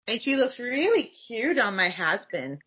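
A woman chatting casually and excitedly about a cartoon series, laughing often and swearing freely. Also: a little high, measured pace, husky. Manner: giggly, animated, swearing freely. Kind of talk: casual fan chat. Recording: dull lo-fi sound.

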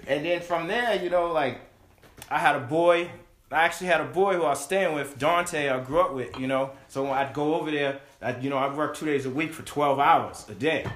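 A man spins a long casual story, jumping into other people's voices as he goes and swearing freely. His voice sits a touch high for a man. The room around him is echoey. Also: a little fast. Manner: animated, acts out voices in quotes, swears freely. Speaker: podcast guest telling a story.

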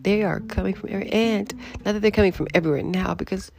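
A woman's voice: medium pitch, fast talker, gravelly. A woman hosting her own podcast, talking casually and animatedly with frequent restarts, in a morning voice. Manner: animated, laughing, rambling with restarts. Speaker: podcast host. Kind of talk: casual solo commentary.

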